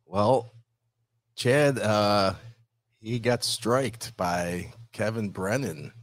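Easygoing man, co-host, casual banter, lowish voice, dry recording. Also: extremely slow, dry recording. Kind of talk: comedic livestream banter.

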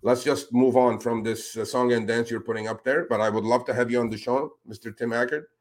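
A man hosting a talk show, speaking in casual, animated commentary that turns indignant as he calls out politicians with a pointed "sir". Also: mid-range voice, brisk. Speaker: podcast host.

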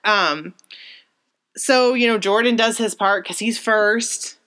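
A young woman co-hosting a casual chat, retelling a story in an excited, rambling and emotional way, full of fillers and restarts. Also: medium pitch, slow, smooth. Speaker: co-host.

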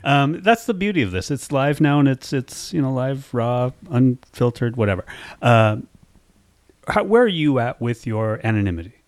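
A man's voice: mid-range voice, expressive, normal speed, dry recording. A man hosting a podcast, chatting casually, telling stories and laughing often. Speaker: podcast host. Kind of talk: casual chat.

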